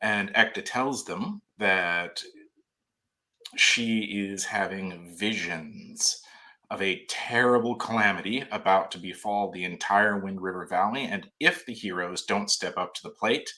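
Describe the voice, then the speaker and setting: A man guest on a podcast, describing his adventure writing in a playful, unhurried way. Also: sits low, sharp tone. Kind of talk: casual podcast chat.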